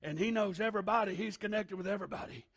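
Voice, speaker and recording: Male pastor, raspy and gravelly, slightly high, emphatic sermon with shouts and hushes. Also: rapid-fire.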